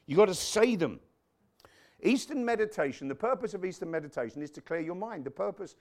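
A man delivers a sermon in a voice pitched a little high, swooping widely up and down as he preaches. He quotes scripture, tosses in muttered asides and jokes with the congregation. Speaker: pastor.

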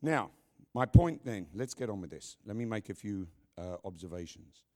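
Male pastor, sermon, animated pitch, emphatic with joking asides. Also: moderate pace.

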